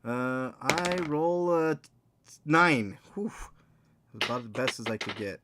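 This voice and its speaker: A man co-hosting a game podcast, playing and narrating the story in a relaxed, dry way. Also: mid-range voice, takes it slowly, noisy background. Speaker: podcast co-host and player. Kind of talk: casual chat and story narration.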